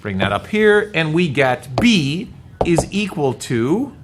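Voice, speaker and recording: Man, math teacher, tired, jokey, bit higher voice, echoey classroom. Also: very animated, slow. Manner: joking, tired, talks to students by name. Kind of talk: classroom lecture. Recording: echoey classroom with faint noise.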